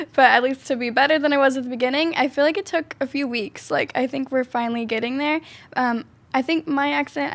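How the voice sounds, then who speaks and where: A young woman, a student actor, answering interview questions casually and laughing often. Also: high voice. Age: young adult.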